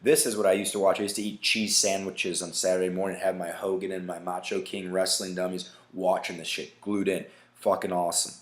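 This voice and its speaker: A man's voice: low voice, flat delivery, a little fast. Diepe, vloekende podcastman in een galmende kamer. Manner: profane, emphatic, keeps asking "right?". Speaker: podcast host. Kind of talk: casual solo podcast rant. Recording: echoey room.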